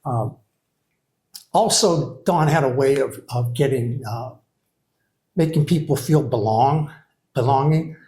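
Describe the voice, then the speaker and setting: A man's voice: mid-range voice, slow pace, long pauses, dark tone. Older man hesitantly sharing memories, echoey room. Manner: rambling, hesitant, with many uh fillers and restarts. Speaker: former creative writing program director. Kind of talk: memorial remarks to an audience. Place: hall with a live audience.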